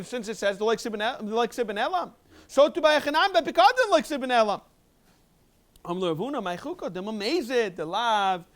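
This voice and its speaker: A man, a rabbi teaching a Talmud review class and explaining in a quick, animated way. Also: very high voice. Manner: quick, animated explaining with sudden emphatic jumps. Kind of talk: Talmud lecture, English mixed with Hebrew and Aramaic terms.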